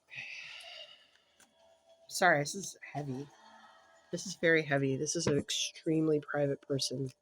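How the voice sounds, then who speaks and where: A tarot reader giving a casual spoken reading to an unseen client, thinking aloud in a halting, self-correcting way and staying gentle and sympathetic, sometimes sinking to a soft murmur. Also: mid-range voice, fairly even intonation, slightly rough, faint music behind. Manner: gentle, empathetic, drops to a soft murmur at times.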